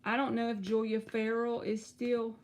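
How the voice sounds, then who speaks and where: A woman, giving tarot readings on a live stream and chatting to her viewers in an animated, storytelling way. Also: fairly high pitch, moderate pace. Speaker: tarot reader.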